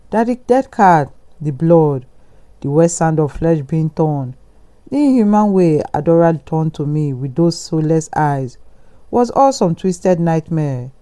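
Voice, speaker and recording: A man tells a first-person horror story in a steady, brooding narration. His voice is mellow and dark, with no brightness to it. The delivery is even and measured. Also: fairly high pitch.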